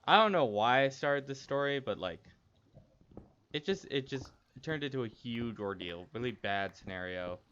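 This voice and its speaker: A man's voice: mid-range voice, animated, moderate pace, fairly bright tone, clean tone. A young man streaming, telling a personal story casually, rambling and candid with many restarts. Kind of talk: casual storytelling while gaming. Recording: dull lo-fi stream audio, faint noise.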